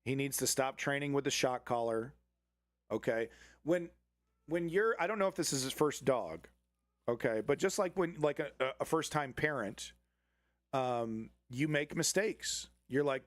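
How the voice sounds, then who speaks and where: A man's voice: medium pitch, expressive, moderate pace, no room sound. Blunt, profane male stream host. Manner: blunt and profane, with frequent restarts. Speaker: live news commentary host. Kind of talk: casual live-stream commentary.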